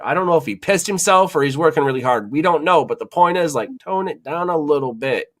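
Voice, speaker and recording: Expressive and slightly fast, with a somewhat high voice, a male podcast host spins a loose kitchen tale. He swears a lot and leans on fillers in this casual storytelling conversation.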